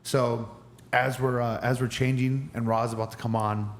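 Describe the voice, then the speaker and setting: A man tells a story on a podcast, and he jumps into higher voices whenever he quotes the other people in it. His own voice sits at a medium pitch. There is a faint hiss of background noise under the talk. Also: level tone, normal speed. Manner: acts out other people's lines with raised pitch. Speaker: podcast guest. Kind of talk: animated storytelling.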